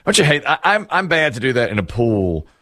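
A man's voice: medium pitch, sing-song, fairly quick, sharp tone, no room sound, studio quality. A middle-aged man hosting a casual chat, telling rambling, self-deprecating stories and laughing often.

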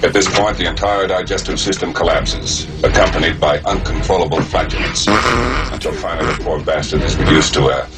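A man playing a grave doctor who calmly lists symptoms in a deadpan, measured way, heard as a film clip. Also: deep voice, over loud music. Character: grave male doctor describing a sickness. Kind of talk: film dialogue.

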